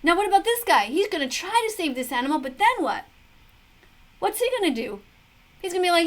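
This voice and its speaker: A woman's voice: high-pitched, very animated, fast. A middle-aged woman giving preachy, earnest commentary on a video, full of rhetorical questions. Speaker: vegan commentator reacting to a video. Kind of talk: casual commentary to camera.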